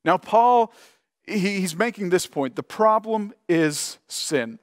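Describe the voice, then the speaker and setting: A man's voice: high voice, lively intonation, takes it slowly, dry recording, clean studio sound. A man preaching a conversational sermon as pastor, often acting out imagined voices of everyday people. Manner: conversational, acts out imagined dialogue.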